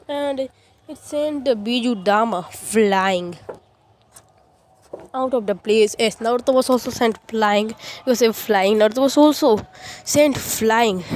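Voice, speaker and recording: Rambling woman with a fairly high voice. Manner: rambling, repeats the filler "you can say". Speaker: storyteller. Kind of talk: improvised fan story retelling.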